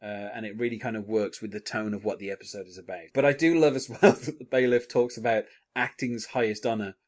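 A man's voice: on the low side, fast. A man hosting a podcast, chatting enthusiastically about a TV episode, with frequent chuckles and fillers. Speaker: podcast host. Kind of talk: casual TV episode discussion.

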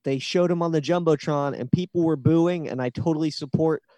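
A man in his thirties co-hosts a casual podcast, his voice a touch high yet mellow and warm. He rambles through stories with plenty of build-up. The sound is dry and close. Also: a little fast, dry recording. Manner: chatty storyteller with long build-ups. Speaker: podcast co-host. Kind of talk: casual chat.

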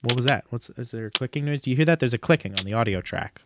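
A man's voice: mid-range voice, animated, heavy background noise. Joking podcast co-host man. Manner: chatty, jokey, often puts on quick silly voices. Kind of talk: casual chat.

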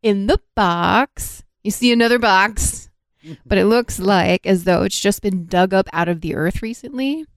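A woman's voice: mid-range voice, a little slow, no echo. A woman co-hosting a podcast, playful and teasing, switching between chat and game narration. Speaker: podcast co-host.

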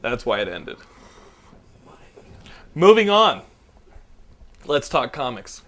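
A man's voice: mid-range voice, very animated, slow, background noise. A young man hosting a podcast, telling a story animatedly, acting out voices, swearing and laughing. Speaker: podcast host. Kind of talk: casual chat.

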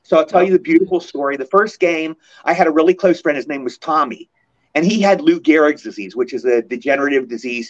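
A man in his sixties, a guest actor in a casual interview, telling animated stories and acting out the people he quotes. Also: on the high side. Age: 60s. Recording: muffled lo-fi audio.

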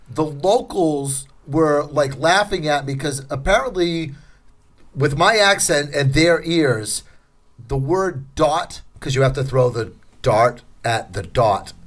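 A man's voice: on the high side, a little slow, fairly bright tone. A middle-aged man with a thick Massachusetts accent, hosting a podcast in a playful, joking way. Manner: jokey, playful, laughs often. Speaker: podcast host. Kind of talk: casual chat.

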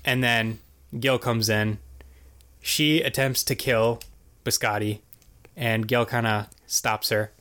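A man's voice: mid-range voice, steady tone, slow pace, pauses often, a bit bright. A man co-hosting a podcast, recapping a cartoon episode in casual, rambling chat full of "like" and "basically". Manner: rambling, filler-heavy storytelling. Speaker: podcast co-host.

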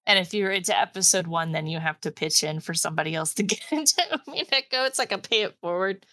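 A woman hosts a casual podcast, joking and reacting quickly to her guest. Her voice is a little low. The recording is dry and close. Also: pushed and bright, no room sound. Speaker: podcast host. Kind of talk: casual chat.

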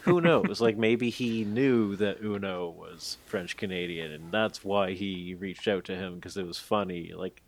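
A man's voice: low-pitched, measured pace, hardly any pauses. A man co-hosting a podcast, recapping a story in a rambling, hedging way with lots of fillers. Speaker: podcast co-host. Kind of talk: casual podcast chat.

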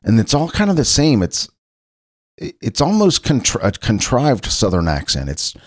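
A man's voice: mid-range voice, wildly swooping pitch, normal speed, no room sound, clean studio sound. A man from Cincinnati, Ohio, hosting a casual solo talk show, rambling loosely with frequent restarts. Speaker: podcast host.

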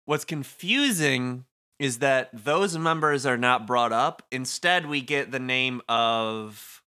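Bright-voiced man chatting casually. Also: medium pitch, smooth. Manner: casual, laughs often, reads lines in quick put-on voices. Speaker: podcast co-host. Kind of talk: casual chat, reading game dialogue aloud.

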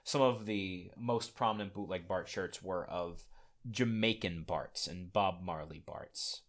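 Low-voiced man hosting a rambling podcast. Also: a little slow. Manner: rambling, laughing, self-deprecating. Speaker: podcast host. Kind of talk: casual podcast lecture.

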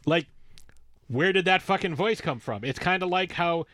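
Sarcastic, ranting man, fairly high voice. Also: animated, normal speed, fairly bright tone, no echo. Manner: ranting, sarcastic, swears freely. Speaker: podcast co-host. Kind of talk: casual chat.

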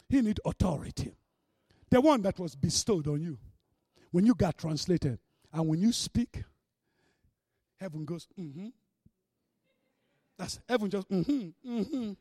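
A man preaching a sermon with great energy, swinging between shouts and hushed mocking asides. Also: high voice, vocal fry, slightly rough, no room sound, studio quality.

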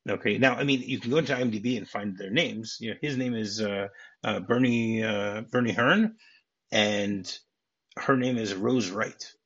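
A man's voice: lowish voice, moderate pace, fairly bright tone, husky, highs cut off. A man co-hosting a podcast, chatting casually and explaining film scenes and trivia at length. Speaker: podcast co-host.

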